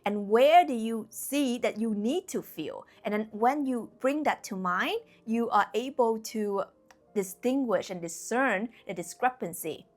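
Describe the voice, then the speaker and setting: A woman's voice: a little high, a little slow. A woman giving a motivational talk to camera as a spiritual coach, earnest and direct, often checking in with her listeners.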